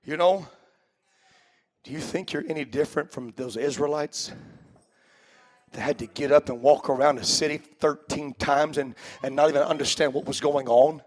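A man pastor preaching a sermon in a church, with a rhythmic cadence that swells into shouts and frequent "uh" breaths. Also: a little high, steady tone, normal speed. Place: church sanctuary before a congregation.

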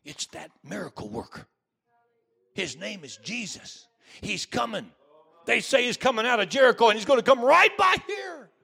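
A man's voice: very high voice, sing-song, moderate pace, gravelly, sharp tone, breathy edge, voice pushed up, exaggerated voice. A man voicing a lame old beggar, a slangy, chatty friend who gossips and fusses. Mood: excited.

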